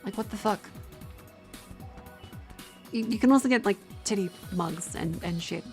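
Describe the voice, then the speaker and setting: A woman's voice: medium pitch, measured pace, a little mellow. A young Australian woman chatting casually on a livestream, tired, rambling and swearing with self-mocking banter. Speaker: streamer. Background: faint music.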